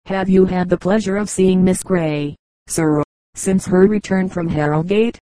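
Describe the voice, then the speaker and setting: A woman voicing a fashionable young gentleman, a chatty and self-satisfied suitor speaking with soft, courteous civility. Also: lowish voice, steady tone, a little slow, no echo, lightly acted, rough recording. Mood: polite chatter.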